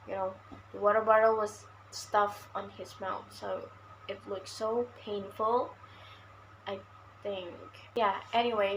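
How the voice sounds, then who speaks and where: Slow, hesitant young Indonesian woman. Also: medium pitch, fairly bright tone, slight background noise, low-quality recording. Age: young adult. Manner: hesitant, with many "so yeah" and "like" fillers. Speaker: university student reviewing a novel. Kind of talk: casual book review.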